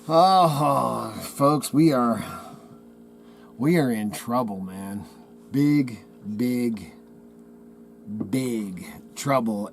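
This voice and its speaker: A man's voice: medium pitch, slight background noise. A man hosting his channel from a trading post, ranting in an agitated, rambling way with folksy slang about a cover-up. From Idaho. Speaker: channel host. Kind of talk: heated rant to camera.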